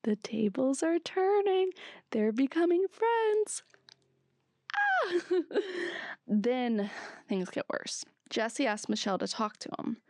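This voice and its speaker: Valley-accented woman with heavy vocal fry. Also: high voice, slow pace, dry recording. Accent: Southern California Valley. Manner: chatty and animated, swears freely, jumps between asides. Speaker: podcast host. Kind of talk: solo casual podcast recap.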